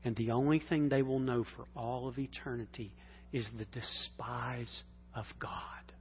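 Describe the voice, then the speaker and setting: A man's voice: mid-range voice, fairly even intonation, a little fast, husky. Impassioned preacher man in a reverberant hall. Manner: swings from hushed near-whispers to loud impassioned shouting. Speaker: pastor. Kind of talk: sermon. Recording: dull sound in a long-reverb hall.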